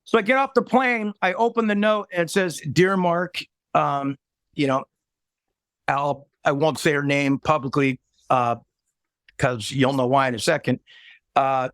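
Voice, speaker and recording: A man, a musician, telling a moving story in an interview, earnest, halting, with many restarts, choked up near tears. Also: fairly high pitch, a bit bright, no echo. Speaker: musician guest.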